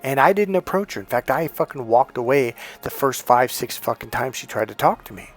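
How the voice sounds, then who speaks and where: A man's voice: medium pitch, lively intonation, a little fast. A man in his fifties, a dating coach giving a blunt, profane, emphatic motivational monologue. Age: 50s.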